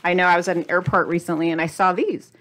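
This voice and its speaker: A middle-aged woman chatting to camera as a diet vlogger, animated, asking viewers questions and laughing often. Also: fairly low pitch, fast talker. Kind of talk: casual chat to camera.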